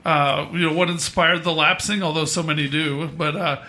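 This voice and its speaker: A man hosting a podcast, asking rambling, halting questions full of fillers. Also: a little high, fairly even intonation, pushed and bright. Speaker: podcast host. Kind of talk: casual interview.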